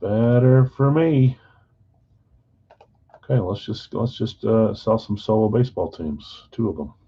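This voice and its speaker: A man hosting a live sports card break stream, chatting casually with viewers and reading out team assignments in a relaxed way. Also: lowish voice, normal speed, gravelly, breathy edge, highs cut off. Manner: relaxed, chatty, talks straight to viewers by name.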